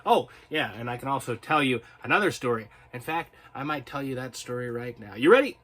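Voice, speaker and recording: A man's voice: mid-range voice, expressive, a little fast, hardly any pauses, a bit bright. A man hosting his own video channel, reading viewer comments and rambling in a casual, chatty, self-mocking way. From North Carolina, US. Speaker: video host.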